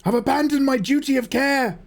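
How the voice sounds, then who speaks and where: A man's voice: extremely high pitch, a little fast, vocal fry, voice pushed up. A man voicing a rude, careless gas repairman in a smug, mocking manner.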